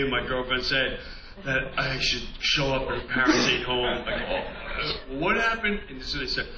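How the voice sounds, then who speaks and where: A man in his forties from Long Island doing stand-up storytelling, animated and bursting into shouted song lines. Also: on the high side, measured pace, background noise. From Long Island, New York. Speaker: stand-up comedian. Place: large theater stage. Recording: roomy theater sound from far off over loud crowd. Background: roaring audience laughter.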